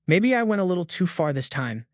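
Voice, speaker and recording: A man's voice: high-pitched, very animated, a little fast, no room sound, clean studio sound. A man reading the lines of a proud young noblewoman in a story recap. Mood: musing.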